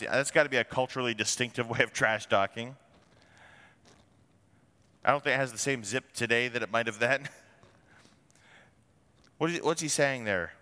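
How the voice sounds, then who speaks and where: A man's voice: mid-range voice, expressive, moderate pace, pauses often, pushed and bright, in a large hall. A man preaching a sermon as a pastor, blunt and wry, with rhetorical asides to the congregation.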